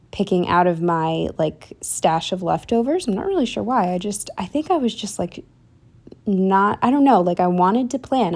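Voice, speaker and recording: A woman's voice: fairly low pitch, a little mellow. A woman talking casually as a planner vlogger, walking through her weekly spread in a rambling, chatty way with lots of fillers and trailing-off sentences.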